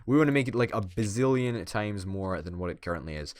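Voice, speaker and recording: A man's voice: fairly low pitch, expressive, brisk, no room sound. A man giving playful, swearing let's-play commentary and hamming it up as a would-be dictator. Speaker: gaming YouTuber.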